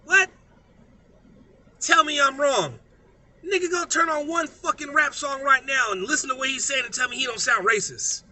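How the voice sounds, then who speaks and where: A man's voice: very high voice, normal speed, sharp tone. A man giving a profane, emphatic and preachy unscripted rant as a vlogger.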